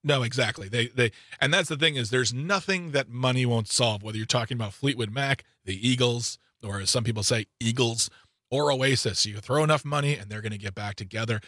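A man hosting a talk radio show, bantering with his co-host in a playful, animated way. His pitch sits in a middle range but jumps upward when he teases. The studio sound is close and dry. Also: fairly quick, no echo. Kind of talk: casual radio chat. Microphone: studio microphone.

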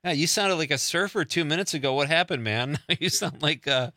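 A man's voice: a little high, a little fast, sharp tone, dry recording, studio quality. A man hosting an interview, chatty and upbeat, laughing along with his guest. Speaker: interview host. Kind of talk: casual interview chat.

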